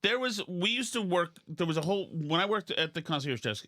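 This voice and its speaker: Man, podcast host, bright tense voice, dry close sound, rambling self-mocking chat. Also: high-pitched, lively intonation, fairly quick, dry recording. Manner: rambling, self-deprecating, with many restarts. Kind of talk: casual comedic chat.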